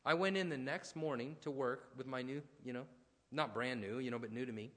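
A man's voice: mid-range voice, a little fast, a bit bright. A man preaching a sermon, talking conversationally and telling personal stories with asides and restarts. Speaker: pastor. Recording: long hall reverb.

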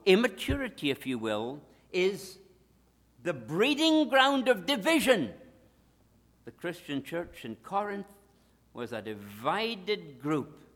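A man preaches a sermon emphatically, swinging from loud declarations to hushed asides. His pitch is fairly high, and the sound has a big-room quality.

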